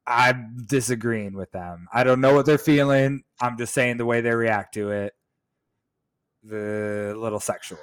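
A man's voice: medium pitch, measured pace, clear, resonant tone. A man co-hosting a casual chat show, joking and teasing as he keeps pressing his point. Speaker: podcast co-host.

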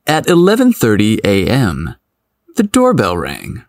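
A man narrating a story aloud in a playful, expressive manner. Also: fairly low pitch, measured pace, dry recording, studio quality. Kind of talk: audiobook narration.

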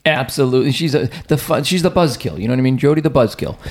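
A man, hosting a podcast and telling a rambling story, acting out what people said. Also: medium pitch. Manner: rambling storyteller, quick and animated, acts out quotes. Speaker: podcast host. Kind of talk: casual chat.

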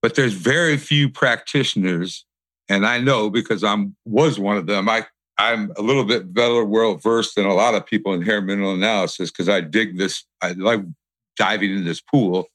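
A man hosting a casual interview, conversational and quick with short affirmations. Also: lowish voice, fairly bright tone, no echo. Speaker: podcast host.

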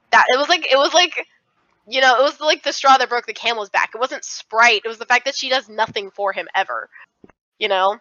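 A woman's voice: a little high, fairly quick, dry recording, highs cut off. A young woman co-hosting a casual chat, telling a story with lots of "like" fillers and swearing. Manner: fillers, swearing, animated retelling. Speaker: podcast co-host.

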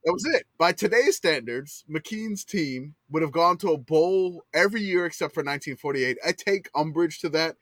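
A man with a somewhat high voice hosts a casual sports podcast, walking through old records with eager running commentary. His voice is close and dry, with no room sound around it. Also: lively intonation, normal speed, few pauses, a bit bright, dry recording. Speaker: podcast host. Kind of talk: casual chat.

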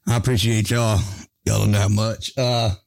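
A man's voice: fairly low pitch, little pitch movement, normal speed, creaky, no room sound. A man hosting a casual podcast chat. He laughs often, swears freely and tells stories with lots of animation. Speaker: podcast host.

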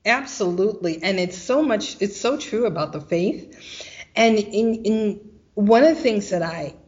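Woman guest, personal story, animated, quotes others in character, dull lo-fi sound. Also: medium pitch, measured pace. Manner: animated, acts out quoted voices.

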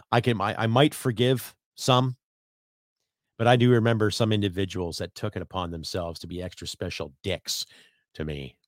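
A man's voice: sits low, no room sound, studio quality. A man from Canada hosting his own solo podcast, ranting bluntly and profanely at his audience. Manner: blunt, profane, rambling rant. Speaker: podcast host.

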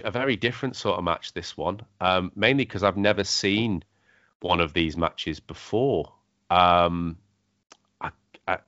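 Man, very low voice, hesitant casual chat, dull lo-fi. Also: a bit bright, no echo. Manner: hesitant, lots of ums. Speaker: podcast co-host. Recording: dry, dull lo-fi sound.

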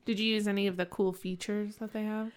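A woman co-hosting a casual business chat, playful and giggly, who drops into a lower, quieter tone to read product details. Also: little pitch movement, brisk. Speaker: podcast co-host.

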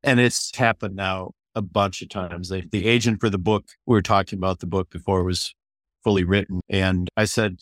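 An older man, an author and ministry leader, talking as a guest in an interview. He tells stories in an animated way, often restarts phrases, and acts out quotes in a raised voice. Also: sits low, a little fast, no echo, clean studio sound. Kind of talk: conversational storytelling interview.

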